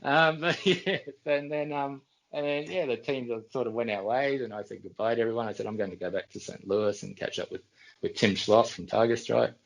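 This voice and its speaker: Gravelly Australian man telling stories. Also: mid-range voice, steady tone, a little fast, poor audio. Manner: rambling anecdotes with frequent restarts. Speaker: podcast guest. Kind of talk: casual storytelling.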